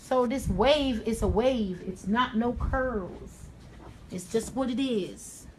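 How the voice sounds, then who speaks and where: A woman's voice: on the high side, takes it slowly, a little hiss or hum, rough recording. A woman with a Jamaican accent, hosting a chatty live hair tutorial and calling viewers honey. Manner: sassy, calls listeners honey. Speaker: hairstylist host.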